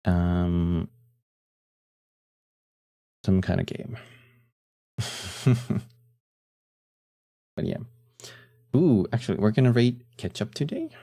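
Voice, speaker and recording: A man streaming casually, relaxed and chatty, who laughs often, trails off into fillers and answers his chat. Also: low voice, drawn-out words, pauses often. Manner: reads chat messages aloud and answers them.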